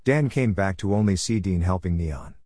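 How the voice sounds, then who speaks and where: A man narrating a children's animal story aloud in a steady storytelling manner. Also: low voice, moderate pace, dry recording.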